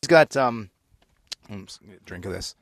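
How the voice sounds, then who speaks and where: A man's voice: fairly low pitch, lively intonation, moderate pace, dry recording, clean studio sound. A man hosting his own radio show, talking sarcastically with stumbling restarts. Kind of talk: mocking radio monologue.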